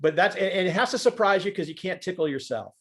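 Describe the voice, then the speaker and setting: A man's voice: high voice, fast. A man who works as a stand-up comic, speaking on a conference panel over a video call and acting out his examples as he goes. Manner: animated storyteller who acts out examples.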